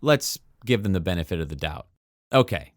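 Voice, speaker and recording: Low-voiced man recapping a movie. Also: a little fast, no echo, clean studio sound. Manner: animated storyteller acting out quoted lines. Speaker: podcast co-host.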